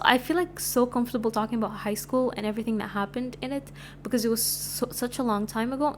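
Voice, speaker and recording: A woman in her twenties from Sudan hosts her own podcast. She tells her stories in a loose, chatty way, full of "like" and quick asides. Her voice sits a bit high, and a soft hum runs underneath. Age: 20s. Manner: chatty, animated, lots of filler "like". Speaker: podcast host. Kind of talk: casual storytelling.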